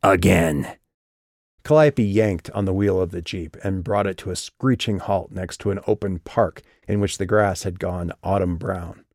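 A man reading an audiobook in scripted narration, measured and even. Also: deep voice, dry recording, clean studio sound.

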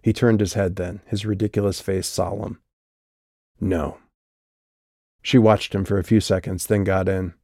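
A man narrating an audiobook in a steady, measured reading. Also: low-pitched, vocal fry, no echo, studio quality. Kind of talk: scripted narration.

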